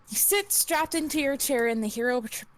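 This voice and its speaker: A woman's voice: sits high, a little hiss or hum. A woman narrating an interactive story game on a live stream, giggling and stumbling over words as she reads. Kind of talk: reading interactive fiction aloud on a live stream.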